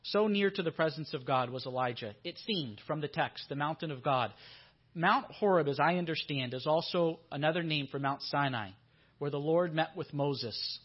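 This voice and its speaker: A man's voice: fairly high pitch, normal speed, husky, dull audio. A man preaching a sermon in a church, earnest and given to repeating his questions for emphasis.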